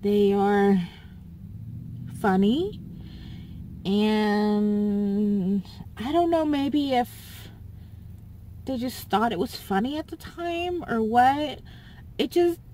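A woman talking to camera about a falling-out with a friend, tearful, halting and repeating herself as she restarts her sentences. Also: mid-range voice, mellow, slight background noise. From Southern US. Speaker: YouTuber. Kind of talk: emotional personal vlog.

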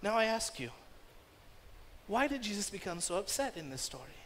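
A man's voice: sits high, very animated, moderate pace, a bit bright, slight background noise. A man preaching a sermon as pastor, emphatic and rising sharply when he voices commands. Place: church. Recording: long reverb of a church hall.

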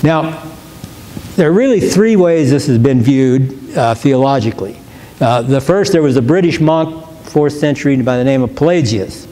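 A man teaching as a pastor in a church, earnest and emphatic, slowing down to stress key words and often restarting his phrases. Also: medium pitch, lively intonation, warm tone, slight background noise. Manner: repeats and restarts words while thinking. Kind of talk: question-and-answer teaching.

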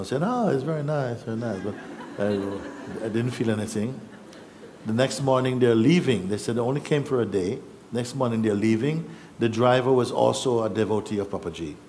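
A man telling a personal story in a reflective, halting way, acting out what others said. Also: mid-range voice, a little mellow, a little hiss or hum. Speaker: spiritual teacher.

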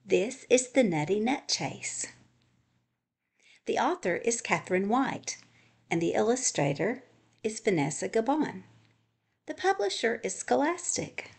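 Expressive woman reading a children's book. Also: a little high, unhurried, creaky, long pauses, husky. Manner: gentle, expressive storytelling. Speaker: librarian storyteller. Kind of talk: children's picture book read-aloud.

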